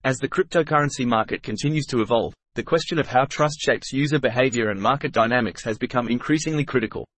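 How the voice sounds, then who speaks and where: A man's voice: mid-range voice, quick pace, hardly any pauses, fairly bright tone. A man co-hosting a scripted podcast discussion with an upbeat, polished delivery. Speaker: podcast co-host.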